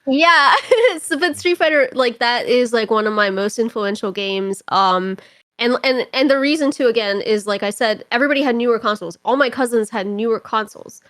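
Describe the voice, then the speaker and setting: Animated woman rambling in casual chat. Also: a little high, normal speed, no room sound. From Toronto, Canada. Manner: animated, rambling, heavy use of filler "like". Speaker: podcast guest.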